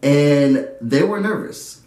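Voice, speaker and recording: A young man, telling an animated storytime with a high, lively voice. He sits back from the mic in an echoey room and keeps slipping into other people's voices. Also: slow pace, far from the mic. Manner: animated, acts out friends' voices, laughs often.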